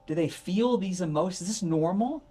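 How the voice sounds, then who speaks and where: A man retelling the words of a grown man near tears, his voice lifted higher than usual and full of wonder. He sounds amazed and emotional as he recalls being a happy child. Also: animated, normal speed, warm tone. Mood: tearful wonder. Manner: tearful, wondering.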